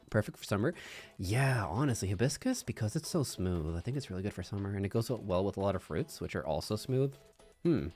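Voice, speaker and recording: A man's voice: fairly low pitch, a little mellow. A man streaming, rambling in casual chat on a binaural microphone, thinking aloud with hums and little laughs.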